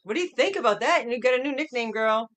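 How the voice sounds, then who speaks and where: A woman's voice: on the high side, animated, quick pace, fairly bright tone. A middle-aged woman hosting a casual livestream from home, chatting upbeat and greeting viewers by name one after another. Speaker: livestream host.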